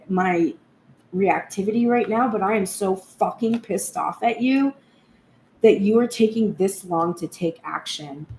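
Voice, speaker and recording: A woman's voice: mid-range voice, fairly bright tone. Tarot-reading woman in a roomy space. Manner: heated, speaks in first person as the partner. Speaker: tarot reader. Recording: roomy echo, faint background hum.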